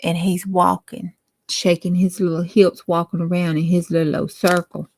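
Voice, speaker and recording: A woman's voice: fairly low pitch, level tone, normal speed, darkish tone, a little hiss or hum. A woman telling a folksy story in a dramatic, chatty way. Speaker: craft vlogger.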